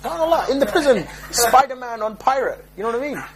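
Fast-talking preacher, joking. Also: male voice, extremely high pitch, expressive, music in the background. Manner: joking, streetwise storytelling with mock voices. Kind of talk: informal religious talk to a small group.

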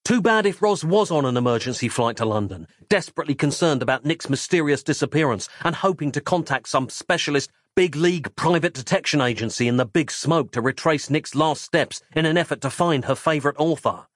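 A man narrating a horror audiobook in a dramatic, measured reading. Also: a little high, expressive, no echo, studio quality.

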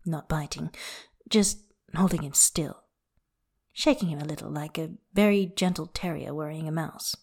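Soft-voiced woman reading fiction aloud. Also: low voice, normal speed. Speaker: audiobook narrator.

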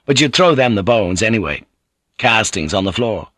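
A middle-aged man narrating a novel in a measured, dramatic, rhythmic reading. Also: on the low side, animated, a bit bright, no echo. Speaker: audiobook narrator. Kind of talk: scripted narration.

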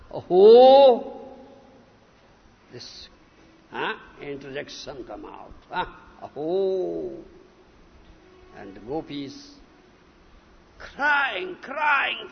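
A man giving a devotional sermon, stressing points emphatically and often breaking in with "huh?" and "isn't it?". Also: very high-pitched. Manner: emphatic, frequent questioning "huh?" and "isn't it?" asides. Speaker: spiritual teacher. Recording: reverberant, dull lo-fi lecture recording.

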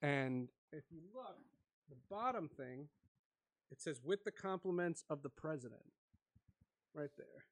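A man casually telling an animated story with frequent laughs. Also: fairly high pitch, unhurried, long pauses, no room sound.

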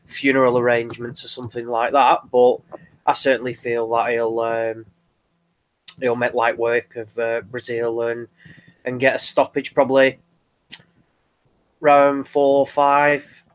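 Guy talking fights on a podcast, steady, lots of restarts and ums. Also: medium pitch. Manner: measured, hedging with restarts. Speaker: podcast co-host. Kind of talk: casual boxing chat.

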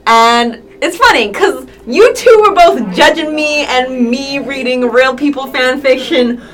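A woman co-host in casual chat, reacting expressively with quick exclamations. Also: high-pitched, fairly bright tone. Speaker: podcast co-host.

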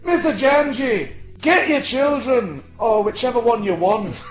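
A man doing a rowdy Scottish joker who bellows his lines slowly, high and swooping, with bursts of laughter. The accent is broad, and the voice rings around an echoey room with faint music beneath it. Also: animated. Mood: grand. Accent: Scottish, put on. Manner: shouting, cackling, slow and broad. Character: loud jolly Scottish man, judge-turned comic.

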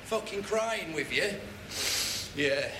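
A man's voice: high-pitched, expressive, slow, noisy background. A distraught young man. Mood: bitter hurt. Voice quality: raw, tearful and swearing. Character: distraught young man confronting his friend. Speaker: film character. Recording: echoey film audio with ambience.

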